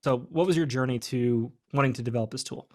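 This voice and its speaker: A man co-hosting a podcast, introducing his guest thoughtfully, with frequent pauses and fillers. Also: mid-range voice. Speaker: podcast co-host. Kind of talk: casual podcast chat.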